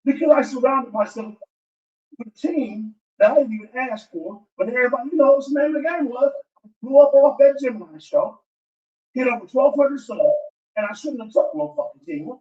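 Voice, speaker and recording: A man's voice: extremely high pitch, brisk. A man ranting defensively in a played video clip, rambling and profane. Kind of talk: angry video rant. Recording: dull, roomy audio from a distance.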